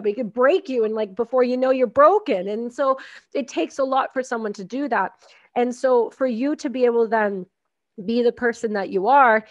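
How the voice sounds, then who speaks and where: A woman's voice: fairly high pitch, dry recording. Emphatic woman host, dry dull sound. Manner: effusive, emphatic, acts out quotes. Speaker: podcast host. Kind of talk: casual interview conversation.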